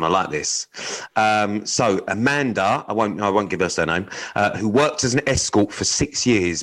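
Male podcast co-host, lower voice, cheeky and sweary, reads odd news to his co-host. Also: fairly bright tone, poor audio. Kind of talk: casual podcast chat.

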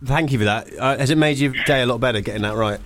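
A man's voice: mid-range voice, fast talker, fairly bright tone, slight background noise. A man hosting a radio show, teasing his guests and callers with dry jokes. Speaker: radio host. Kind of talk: banter-filled radio chat.

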